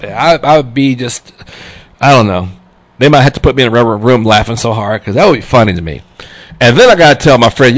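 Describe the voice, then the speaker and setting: A man hosting an internet radio show, telling a story in a loose, animated way and laughing along as he goes. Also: mid-range voice, a little fast. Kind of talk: casual on-air chat.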